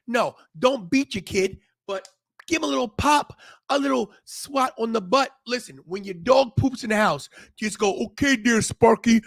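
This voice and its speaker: A brash man hosting a live watch-along stream, ranting and rambling with frequent restarts. His voice sits high for a man. The sound is dry and close, with no room in it. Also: vocal fry, a bit bright, no echo. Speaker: wrestling podcast host.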